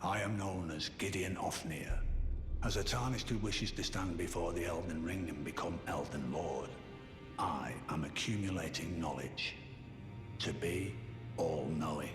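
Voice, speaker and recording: Gideon, a lordly knight-scholar. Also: male voice, deep voice. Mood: formal. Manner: measured, lordly and formal. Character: scheming male knight-scholar hoarding knowledge. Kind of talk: video game dialogue. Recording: echoey game audio with music.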